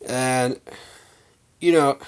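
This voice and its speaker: A man's voice: medium pitch, steady tone, extremely slow, smooth. A man hosting a fan channel, giving a heated, emphatic rant full of slang to his viewers. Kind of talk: casual fan rant to camera.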